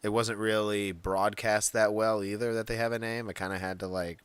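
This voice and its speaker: Low-voiced man telling jokey rambling stories. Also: level tone, fairly quick, clear, resonant tone, no room sound. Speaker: podcast co-host. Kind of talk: casual chat.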